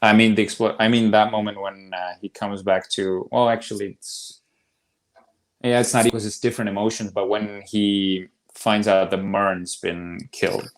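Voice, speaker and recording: A man's voice: fairly low pitch, flat delivery, normal speed. A man co-hosting a podcast, chatting casually about movies, rambling and restarting sentences as he retells scenes. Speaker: podcast co-host. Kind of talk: casual film-discussion chat.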